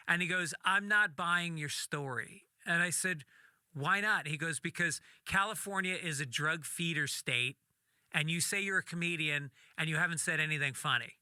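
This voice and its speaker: A man, a comedian, telling a story in casual talk, animated and acting out the voices of the people in it, with some swearing. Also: fairly high pitch, normal speed, clean tone, no room sound, clean studio sound. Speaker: podcast guest, comedian.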